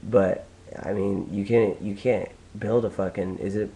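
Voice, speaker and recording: A man's voice: on the low side, steady tone, measured pace, mellow, low-quality recording. A young man from the United States talking alone in a casual, profane, rambling monologue with many restarts. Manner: profane, ranting, full of restarts. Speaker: vlogger.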